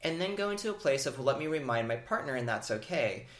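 A man, a therapist co-hosting a podcast, explaining things in a measured, casual way. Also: mid-range voice, lively intonation, a bit bright. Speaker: therapist, co-host. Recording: echoey room.

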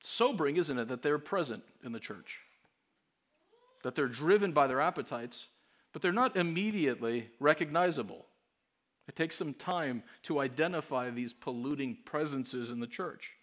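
Pastor, male, fairly high voice, emphatic sermon delivery with rhetorical questions. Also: a bit bright.

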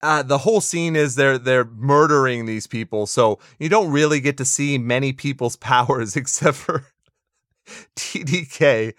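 A man's voice: mid-range voice, a little slow, fairly bright tone, no room sound, studio quality. Opinionated man in casual podcast chat. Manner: opinionated, sarcastic, laughs often. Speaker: podcast co-host. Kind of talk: casual movie review chat.

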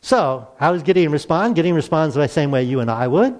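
A man's voice: fairly high pitch, lively intonation, a little fast. A male pastor preaching a sermon in a conversational way, asking rhetorical questions. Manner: conversational, asks rhetorical questions, acts out quotes.

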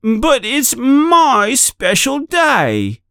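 A spoiled little boy whines and barks orders in a shrill, high voice, as a man reads him aloud. The pitch leaps up and stays sharp, with a dry, close sound. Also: wildly swooping pitch, drawn-out words, gravelly, clean tone, no room sound, exaggerated voice. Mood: whining. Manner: high whining demands.

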